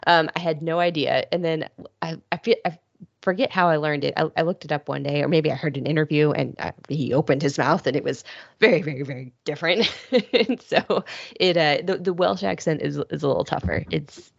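A woman's voice: low-pitched, a little fast, creaky, no echo. A woman co-hosting a podcast, talking casually and hesitantly, with many restarts. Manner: hesitant, restarts a lot, chuckles. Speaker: podcast co-host. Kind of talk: casual chat. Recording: dull lo-fi sound, dry.

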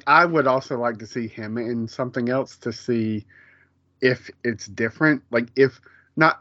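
A man's voice: mid-range voice, a bit bright, dry recording, dull audio. A man co-hosting a podcast, chatting casually in a rambling way with many fillers and restarts. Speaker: podcast co-host. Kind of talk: casual chat.

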